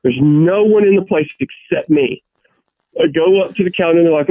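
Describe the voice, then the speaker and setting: A man's voice: a little high, normal speed, no echo. Profane ranting man on a tinny line. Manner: rambling with many restarts. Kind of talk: casual chat. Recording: tinny phone-like sound.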